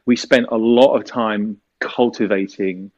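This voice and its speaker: Low-voiced British man telling stories. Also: fairly even intonation, unhurried, a little mellow, muffled recording. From United Kingdom. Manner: rambling storyteller with many fillers. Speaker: actor, interview guest. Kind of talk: casual interview talk.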